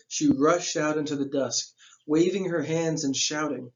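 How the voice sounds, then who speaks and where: A man's voice: a little high, steady tone, normal speed, lo-fi sound. Man reading a novel aloud, then explaining. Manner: stops reading to explain the plot in plain slang.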